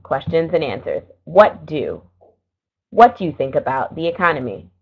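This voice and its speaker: Woman, middle-aged, English teacher, careful explaining, deep voice, muffled lo-fi sound. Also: very animated, vocal fry, slight background noise. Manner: slow, careful explaining with small self-corrections. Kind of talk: online English lesson. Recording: dull lo-fi recording.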